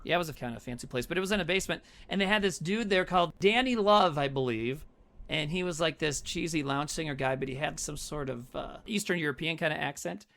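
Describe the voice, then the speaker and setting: A man's voice: a little high, quick pace, gravelly, fairly bright tone. A man co-hosting a podcast, recapping a horror movie in casual, swearing, rambling chat. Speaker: podcast co-host.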